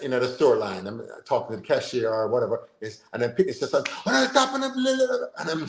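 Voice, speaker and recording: A man speaking in a casual chat, reflective and talkative, sharing his own observations. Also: medium pitch. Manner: reflective, chatty, laughs along. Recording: echoey room.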